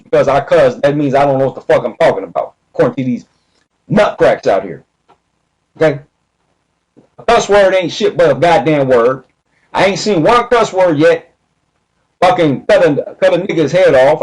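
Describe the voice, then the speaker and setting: A man delivering a profane, emphatic ranting monologue, jumping between slow stressed words and rushed bursts. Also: on the high side, darkish tone, poor audio. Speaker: video commentator.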